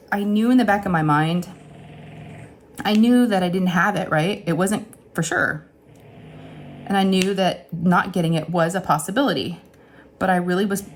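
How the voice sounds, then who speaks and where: A woman in her forties speaks in a low, deeper register and retells a personal story in a loose, candid, emotional way. She talks from her home craft room as a craft channel host. There is a faint hiss of room noise behind her.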